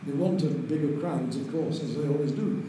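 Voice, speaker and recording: An older man, telling lively anecdotes as an interview guest and chuckling through them. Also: on the high side, moderate pace. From Lancashire, England. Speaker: interview guest, racing driver. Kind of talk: anecdotal storytelling. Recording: very echoey room with faint noise.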